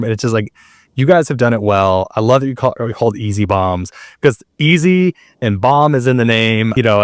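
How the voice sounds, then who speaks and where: Male podcast host, thirties, casual and animated storyteller, mid pitch, dry close recording. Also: no echo. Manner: animated storyteller, quick asides and laughs. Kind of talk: casual interview chat.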